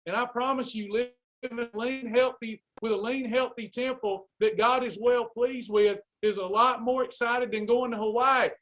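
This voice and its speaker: A man's voice: very high-pitched, steady tone, moderate pace, a bit bright. A man coaching a live weight loss class, urging listeners on in a fired-up, preacherly way. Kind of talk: live class pep talk.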